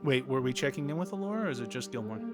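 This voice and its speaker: A man's voice: mid-range voice, expressive, racing, over music. A man playing in a tabletop game, chatting casually, stumbling over words and laughing often. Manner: stumbling, lots of restarts and laughs. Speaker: player.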